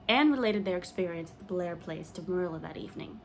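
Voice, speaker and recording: A woman's voice: lowish voice, expressive, fast, few pauses, a little hiss or hum. Woman reading an audiobook aloud. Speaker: audiobook reader. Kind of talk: audiobook narration.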